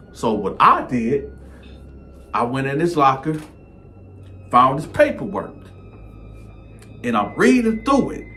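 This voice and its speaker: A man telling a comedic story in an animated way, jumping into the voices of the people in it. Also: medium pitch.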